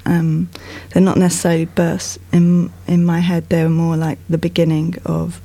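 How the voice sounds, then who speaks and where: A woman artist talking about her own work in a casual discussion, reflective and hesitant, with many pauses. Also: fairly low pitch, completely flat delivery, creaky, warm tone, faint music behind. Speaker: artist guest.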